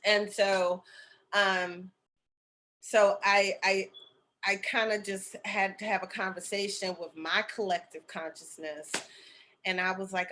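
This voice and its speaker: A woman's voice: mid-range voice, level tone, slow pace, sharp tone. A middle-aged woman telling a personal story in a casual, chatty way, full of fillers and asides like "okay?" and "right?". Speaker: spiritual medium and healer sharing a story.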